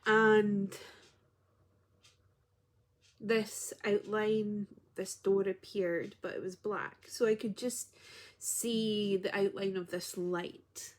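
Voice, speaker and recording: A woman's voice: medium pitch, little pitch movement, extremely slow, long pauses. A woman who works as a spiritual healer tells a personal story in a heartfelt, reflective way on her vlog.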